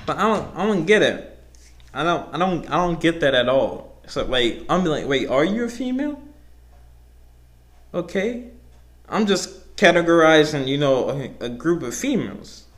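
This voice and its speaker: A young man hosting a podcast in a casual solo rant, rambling and profane, with many fillers, swinging between heated outbursts and low mumbles. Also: very animated, moderate pace. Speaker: podcast host.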